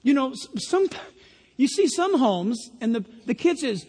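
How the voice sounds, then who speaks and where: A man preaching a sermon as a pastor, in an animated style that mocks other voices in put-on quotes. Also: very high-pitched, normal speed. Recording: long reverb of a large hall.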